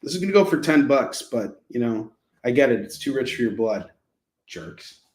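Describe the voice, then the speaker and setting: A man's voice: medium pitch, lively intonation, a little fast, a little mellow. A man hosting a live comic-book sale, chatting casually with viewers in a joking, sarcastic way. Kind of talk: casual live selling chat. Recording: echoey room.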